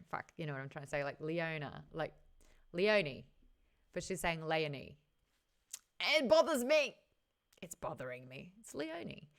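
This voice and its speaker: A woman's voice: low voice, fairly bright tone, clear, resonant tone. A woman hosting a casual book discussion, chatting frankly with her live viewers and swearing now and then. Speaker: host of a book chat show.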